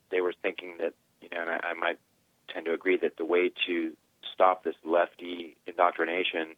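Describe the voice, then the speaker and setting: A man's voice: low voice, no room sound. A man calling in to a talk show, earnest and rambling in long run-on sentences. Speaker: caller. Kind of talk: phone-in opinion. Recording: tinny phone line.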